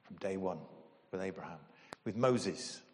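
Emotional pastor in a reverberant hall. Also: male voice, deep voice, a little slow, a little hiss or hum. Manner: emotional, animated storytelling with sudden loud bursts. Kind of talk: sermon.

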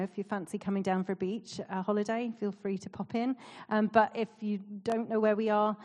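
A woman's voice: medium pitch, darkish tone. A woman in her forties from Canada, a church leader giving a casual, self-deprecating sermon with frequent ums and small laughs. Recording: reverberant hall.

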